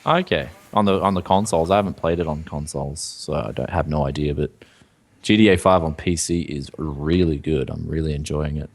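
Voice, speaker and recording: A man's voice: rumbling low, a little fast, vocal fry. A man co-hosting a casual tech news show, laid-back and rambling, filling gaps with "yeah". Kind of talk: casual tech podcast chat.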